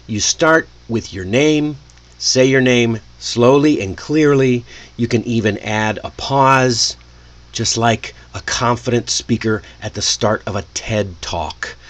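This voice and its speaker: A man teaching English in a lively, friendly way, often chuckling to himself. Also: mid-range voice. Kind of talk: casual lesson delivery.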